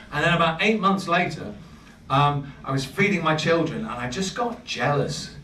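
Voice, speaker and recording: Rambling comic in a noisy bar. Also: male voice, fairly high pitch, lively intonation, moderate pace. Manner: rambling, self-deprecating, trailing off into asides. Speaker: stand-up comedian. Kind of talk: stand-up comedy set. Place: comedy night in a bar, live audience laughing. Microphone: handheld stage mic, recorded from a distance. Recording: roomy, distant, noisy bar recording.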